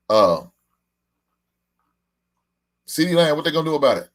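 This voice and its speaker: A man's voice: a little high, sing-song, normal speed. A man in his forties hosting a casual live stream, talking loosely and profanely, laughing and reading out comments from his chat. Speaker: podcast host.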